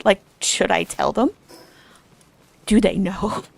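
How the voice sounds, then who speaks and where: A young woman streaming as a VTuber, chatting casually and self-deprecatingly, giggling often and bursting into excited quoted asides. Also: mid-range voice, takes it slowly, creaky, low-quality recording. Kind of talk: casual chat.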